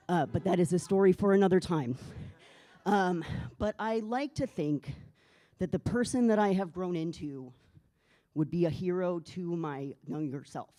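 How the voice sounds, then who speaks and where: A man's voice: high voice, warm tone. A man, a musician, introducing himself and his set from a stage in an earnest, plain-spoken way. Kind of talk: spoken introduction before a performance. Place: stage at a live literary music event.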